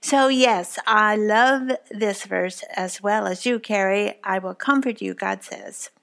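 A woman in her seventies, a co-host and Bible teacher, gives a devotional talk in a slow, gravelly, slightly bright mid-range voice. Her warm storytelling offers tender, earnest encouragement and vivid personal stories.

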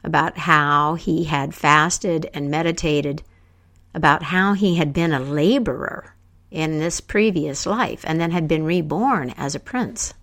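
A woman telling a folk tale aloud, acting out the characters with lively voices. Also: deep voice, measured pace. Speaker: storyteller. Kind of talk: oral storytelling.

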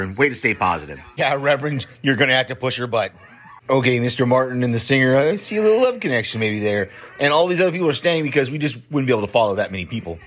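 A man's voice: mid-range voice, expressive, fast, fairly bright tone. A man leaving a voicemail with a chatty running commentary on a film, chuckling often as he reacts. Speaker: listener sending a voicemail.

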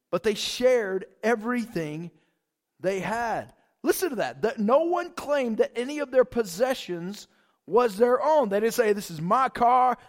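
A man preaching a sermon as pastor, in a casual, conversational way, often saying "man" and "like". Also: high-pitched.

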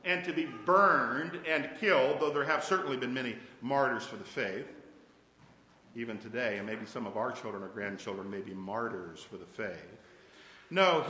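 Male pastor, high bright voice, talky sermon with questions, reverberant church hall. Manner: conversational, asks the congregation questions. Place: church sanctuary.

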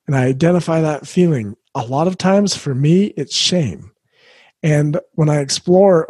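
A man's voice: on the high side, normal speed, a little mellow, slightly rough, dry recording. A middle-aged man hosting a solo parenting podcast, talking earnestly and reflectively as he coaches the listener.

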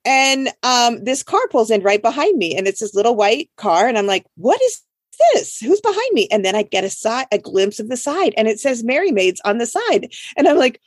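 A woman in her thirties hosting a casual chat, telling a story with lively voices for the people in it. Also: a little fast, few pauses, dry recording, clean studio sound. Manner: animated, acts out quotes in high voices. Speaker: podcast host.

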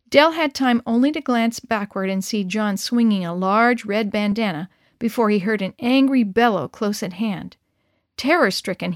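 A woman's voice: mid-range voice, dry recording, studio quality. A woman reading a children's story aloud, lifting into character voices for the dialogue.

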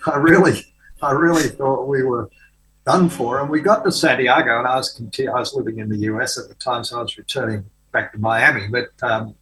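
An older man, a writer being interviewed, recounting an anecdote in a relaxed, conversational way with frequent ums and restarts. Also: medium pitch, poor audio. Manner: hesitant, many fillers and restarts. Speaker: author guest. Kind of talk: conversational storytelling.

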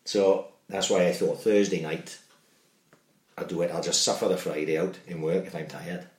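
Deep-voiced sweary Welsh man, roomy. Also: steady tone, normal speed. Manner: sweary, storytelling, keeps asking "do you know what I mean". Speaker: podcast co-host. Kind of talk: casual chat. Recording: roomy echo.

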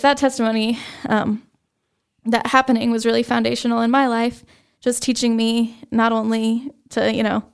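Earnest young woman, gravelly yet smooth. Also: on the high side. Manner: earnest, halting, with many fillers. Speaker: interview guest. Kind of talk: personal faith testimony.

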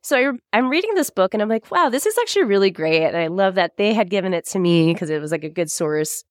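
Woman co-host, casual storyteller, salty and giggly, lower voice, dry room. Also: lively intonation, quick pace, dry recording. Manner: chatty storyteller, swears freely, laughs often. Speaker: podcast co-host. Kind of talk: casual chat.

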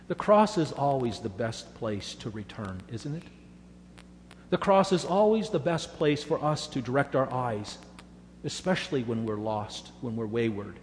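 Earnest preacher in an echoing hall. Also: male voice, mid-range voice, expressive, a little slow, slight background noise. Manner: earnest storytelling, emphatic assurances. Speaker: pastor. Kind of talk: sermon.

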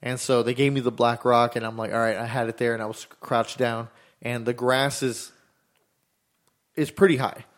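A man's voice: mid-range voice, flat delivery, normal speed. Young male storyteller, casual, profane, voices the other people in his story. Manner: rambling, swears freely, acts out dialogue.

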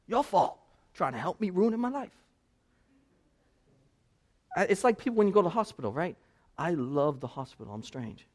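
A male pastor preaching a sermon, telling personal stories and building to loud, passionate preaching. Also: medium pitch.

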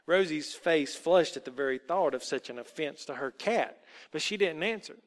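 A man reads a children's story aloud, paced to a slide show, in a steady storybook manner. His voice sits somewhat high and echoes through a long hall reverb. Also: normal speed.

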